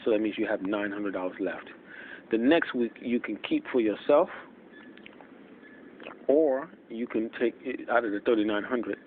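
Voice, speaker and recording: A man talking in a deliberately muted, hushed way in a rambling monologue, thinking aloud and stalling with fillers. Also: lowish voice. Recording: tinny phone-like lo-fi audio with faint hiss.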